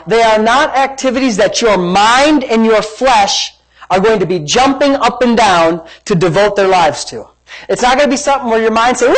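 A pastor preaching to a church congregation, energetic and emphatic, repeating phrases and asking rhetorical questions. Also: medium pitch, moderate pace, poor audio. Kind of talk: sermon. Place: church service.

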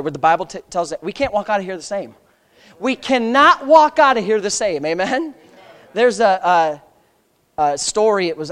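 A man preaching a sermon in church. He repeats phrases, fires rhetorical questions at the congregation, and swings from loud high-pitched exhortation to low, quiet storytelling.

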